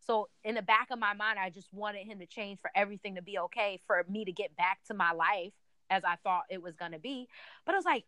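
A woman's voice: mid-range voice, a little fast, sharp tone, no echo. A woman in casual conversation as a guest, animatedly telling a personal story and acting out her own past thoughts. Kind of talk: casual chat.

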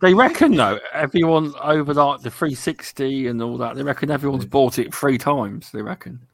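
Man, podcast host, mid-pitched voice, dry close sound, rambling jokey talk. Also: expressive, moderate pace, creaky, fairly bright tone, no room sound. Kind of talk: casual chat.

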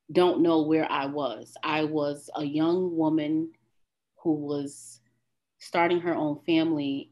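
A woman performing spoken-word poetry and then talking candidly as a guest, with deliberate phrasing and repeated refrains. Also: low voice. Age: adult with a grown daughter. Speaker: guest poet.

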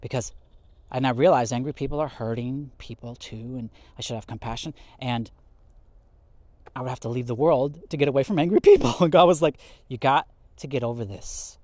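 A man giving a casual podcast sermon on scripture, animated and laughing often as he acts out quotes. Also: mid-range voice, fairly quick, dry recording. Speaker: podcast Bible teacher.

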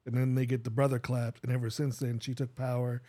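A man co-hosting a podcast in casual chat, telling stories in a relaxed way and acting out what others said. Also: medium pitch, quick pace. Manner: relaxed storytelling, acts out other people's lines. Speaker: podcast co-host.

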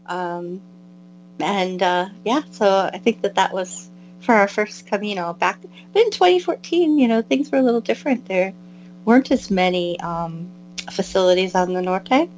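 A little hiss or hum runs under this low-quality recording of an American woman, a pilgrim and albergue volunteer, speaking as an interview guest. Her medium-pitched voice keeps a normal speed while she chats warmly and wanders, with frequent fillers and restarts.

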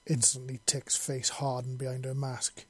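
A man narrating a science fiction story in a steady, even reading style. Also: mid-range voice, normal speed, husky. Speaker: audiobook reader.

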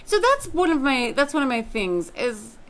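A woman in casual chat recapping a TV episode, animated and profane, acting out the characters' lines. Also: sits high, normal speed, a little hiss or hum.

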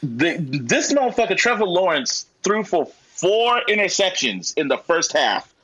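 A man co-hosting a podcast, talking in a husky, bright, fairly high voice. He swings his pitch up and down as he acts out his own reactions, and he swears freely. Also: sing-song, measured pace, poor audio. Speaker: podcast co-host. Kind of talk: casual chat.

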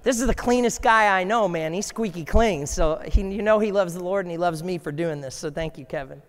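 Animated preacher man in a reverberant hall. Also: sits high, brisk. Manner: animated preaching, acting out scripture voices, jokey asides. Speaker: pastor. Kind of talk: sermon.

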